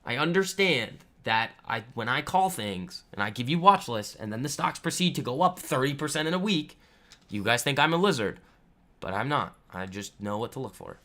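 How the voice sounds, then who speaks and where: A man's voice: mid-range voice, lively intonation, normal speed, sharp tone. A man hosting a live trading stream, talking casually and a little boastfully about stocks while answering viewers' comments. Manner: chatty and boastful, lots of fillers. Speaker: trading livestream host. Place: home room.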